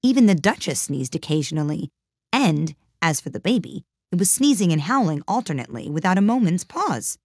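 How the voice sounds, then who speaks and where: A woman with a deep, low voice narrates a children's classic in a measured, steady read. The recording is dry and close, with no room sound. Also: husky, no room sound. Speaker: audiobook narrator. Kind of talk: storybook narration.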